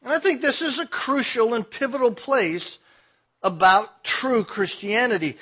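Emphatic high-voiced male preacher. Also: animated, moderate pace, husky, highs cut off. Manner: emphatic preaching, swinging between loud declarations and quiet asides. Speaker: pastor. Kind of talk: sermon.

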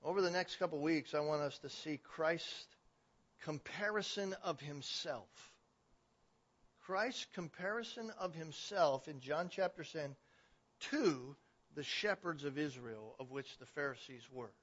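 A man preaching a sermon, building from steady explanation to loud, emphatic declarations. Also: fairly high pitch, a little slow. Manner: swells to emphatic, raised declarations. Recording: dull, lo-fi recording.

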